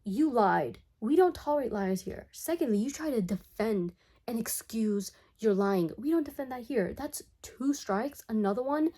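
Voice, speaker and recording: A woman's voice: fairly high pitch, animated, normal speed, dark tone. A woman voicing a stern, cruel female school principal from a cartoon, with a cold, clipped, scolding delivery.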